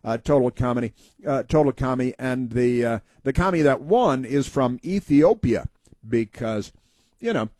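Male talk radio host, rambling folksy storyteller, warm mellow voice. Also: mid-range voice, animated, dry recording. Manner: halting, many uh fillers and restarts.

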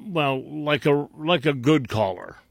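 Slow, mocking male radio host. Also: on the high side, animated, creaky, dry recording, studio quality. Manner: mocking and combative, with many restarts. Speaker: radio talk show host. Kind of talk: talk radio commentary.

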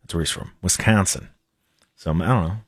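A man's voice: sits low, breathy edge, no room sound, clean studio sound. A man hosting a radio talk show, chatting casually and often restarting his sentences. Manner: chatty, halting, starts sentences over. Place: radio studio. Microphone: studio microphone.

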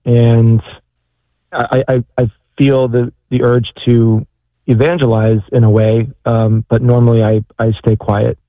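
A caller phones in with a question over a tinny line, speaking hesitantly, searching for words, with many fillers and restarts. His mid-range voice is flat and unhurried, with no echo.

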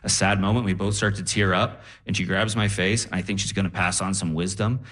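A young man doing a stand-up set on a live stage, telling stories in a lively, animated way. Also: sits low, fairly quick. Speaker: stand-up comedian. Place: live comedy stage with audience.

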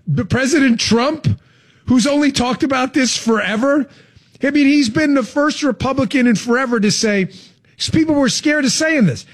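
Sarcastic high-voiced male talk host. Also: moderate pace. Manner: animated, sarcastic, mocking. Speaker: political talk show host. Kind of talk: sarcastic political commentary.

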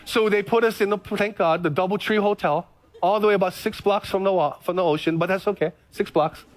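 A man's voice: sits high, a little fast. A middle-aged male pastor giving a sermon, telling stories with jokes and repeated phrases. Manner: animated storytelling, joking and repeating phrases.

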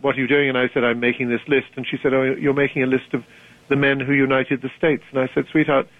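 An older British man in his seventies, talking as an author guest, measured and articulate. His voice comes through a thin, phone-like line with no room sound at all. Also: mid-range voice, flat delivery, no room sound. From Britain. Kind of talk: radio interview. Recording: dry tinny phone line.

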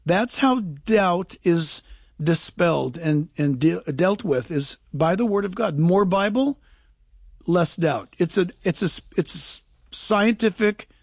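A male preacher with a husky, rather high voice. He speaks fervently and with emphasis, often repeating key phrases for effect. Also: animated, unhurried, no echo. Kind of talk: preaching on a talk show.

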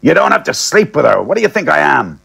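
A man plays a scheming older solicitor, blunt and crude, tossing out insults with a rough, gravelly edge. His voice sits low and sounds a little husky. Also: sing-song, fast talker, fairly bright tone, heavily acted. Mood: pushy.

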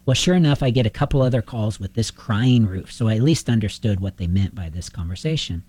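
A middle-aged man, a roofing contractor, telling animated stories in a casual interview, acting out the phone calls he quotes. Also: lowish voice, brisk, breathy edge.

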